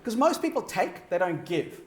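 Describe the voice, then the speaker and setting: In a large conference hall, a man gives a keynote, addressing the audience and checking in with frequent "right?" asides. His voice sits high with big pitch swings at normal speed, and the recording has the roomy echo of a large hall plus a little hiss or hum.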